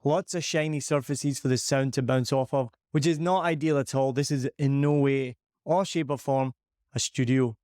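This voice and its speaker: A man's voice: medium pitch, fairly even intonation, moderate pace, darkish tone, dry recording, clean studio sound. A Scottish man hosting a podcast, chatting casually and upbeat as he reviews a microphone, recorded on a dynamic mic in a large living room. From Scotland. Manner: upbeat, chatty, self-deprecating. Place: large empty living room with shiny surfaces. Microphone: dynamic microphone on a boom arm.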